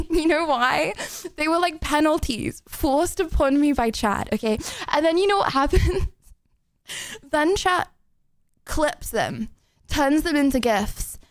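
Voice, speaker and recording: Young woman livestreamer, high-pitched, giggles and rambles through casual chat. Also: dry recording, clean studio sound. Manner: giggly, rambling with many fillers.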